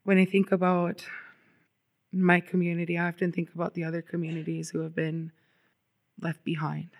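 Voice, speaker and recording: A woman speaks at a public event as a climate justice organizer. Her delivery is earnest and impassioned, though her pitch stays fairly level. She sounds steady and sure, with the odd filler. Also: moderate pace. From Minnesota. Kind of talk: public speech.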